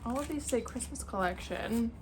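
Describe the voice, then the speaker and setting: A woman's voice: on the high side, animated, normal speed, slight background noise. Gushing young woman vlogging at home. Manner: gushing, effusive exclamations. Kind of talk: casual vlog chat. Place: home apartment, indoors.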